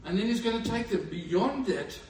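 A high-pitched man delivers a sermon, retelling a story with animated energy and bursts of laughter. He sounds set back from the microphone in a roomy, echoing space with a faint hum of ambience behind him. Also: normal speed. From Africa. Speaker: preacher. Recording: echoey room, far from mic.

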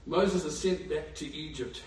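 Animated preacher in an echoey church. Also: male voice, a little high, measured pace, slight background noise. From Africa. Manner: animated storytelling with laughter. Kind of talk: sermon. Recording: echoey room, far from mic.

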